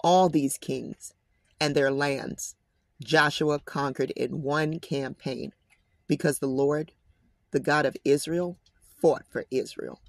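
A man's voice: a little high, fairly even intonation, takes it slowly, creaky, no room sound. Man, bible reading with commentary, slangy asides, dry close sound. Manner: conversational, addresses listeners as guys. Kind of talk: scripture reading with casual commentary.

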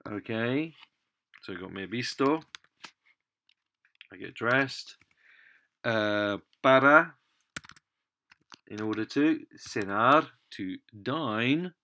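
A man's voice: medium pitch, very slow, pauses often, bright, forceful tone. A man teaching a language lesson, explaining patiently while typing at a computer. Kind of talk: screen-recorded language lesson.

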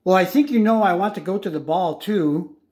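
Cinderella, a gentle hopeful girl, read by a man. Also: high voice, a little fast, natural voice. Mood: pleading. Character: poor hardworking young girl, gentle and hopeful.

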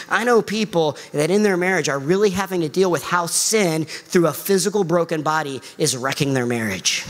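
A middle-aged male pastor preaching a sermon, animated and emphatic. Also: a little fast, few pauses. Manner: animated preaching, pitch swings high for emphasis.

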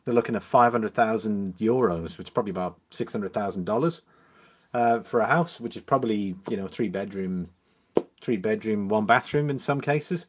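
A man's voice: on the low side, moderate pace, slightly rough. Man casually reading chat on a livestream. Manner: chatty and relaxed, greets viewers and chuckles often. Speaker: livestream host. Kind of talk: casual live-stream chat, reading viewer comments aloud.

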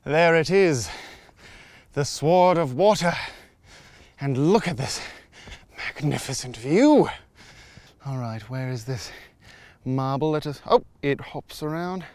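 A man's voice: fairly high pitch, animated, slow pace, pauses often, darkish tone, no room sound. A man hosting a casual walking vlog outdoors, talking straight to his viewers in a playful, theatrical way. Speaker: app demo host. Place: outdoors on a park trail.

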